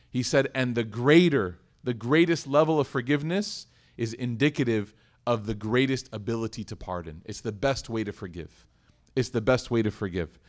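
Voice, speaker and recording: A man giving a lively Islamic lecture to a live audience, asking questions and acting out quoted voices. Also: medium pitch, normal speed.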